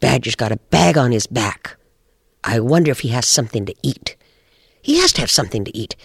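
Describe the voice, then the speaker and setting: A man's voice: medium pitch, animated, fairly quick, creaky, husky, no room sound, clean studio sound. A man voicing a sly, hungry male coyote who wheedles and pesters in a folk tale. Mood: sneaky. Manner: whispering then wheedling and pestering.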